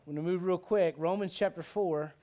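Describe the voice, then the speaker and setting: In an animated, conversational midweek Bible study sermon, a middle-aged man serving as pastor slips in quick jokes for the congregation. His emphasis often arrives in sudden high-pitched bursts.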